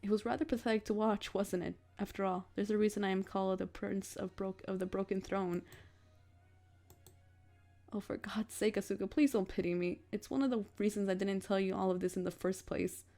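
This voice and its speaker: Quiet and melancholy, this brooding young prince, as a woman reads him aloud from a visual novel, pleads softly. His voice carries a slight gravel, with faint music underneath. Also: mid-range voice, steady tone, a little fast, close to an everyday voice. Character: brooding young man, a fallen dreamy prince.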